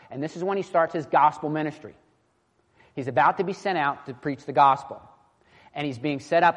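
A young man preaching a sermon in an earnest, impassioned way, often restarting his sentences. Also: fairly high pitch. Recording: long hall reverb.

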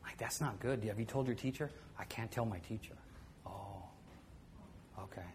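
Speaking at a normal speed in a lowish voice, a middle-aged man shares a personal story with an audience. He keeps it conversational, frequently going quiet and chuckling occasionally, and there's slight background noise.

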